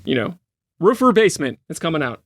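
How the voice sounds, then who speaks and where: A man's voice: fairly high pitch, sing-song, fairly quick, no room sound, studio quality. A man co-hosting a podcast in casual chat, rambling and jokey, full of fillers and restarts. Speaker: podcast co-host.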